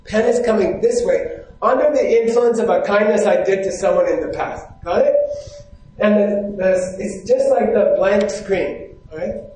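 In a very echoey hall, a high-voiced Buddhist teacher gives an unhurried talk from the stage to a live audience, his tone on the dark side. He keeps things casual and conversational, repeatedly questioning his listeners to make sure they're keeping up.

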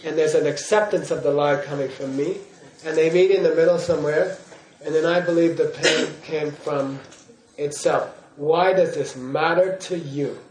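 A man's voice: fairly high pitch, fairly even intonation, moderate pace, a little mellow. A man giving a Buddhist teaching in class, in a playful way, often checking in with his listeners. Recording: roomy hall echo.

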